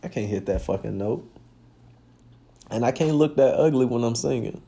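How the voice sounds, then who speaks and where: A man's voice: medium pitch, moderate pace, creaky. A man hosting a podcast, talking in a casual, profane and emphatic monologue. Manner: animated, profane, emphatic storytelling. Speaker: podcast host.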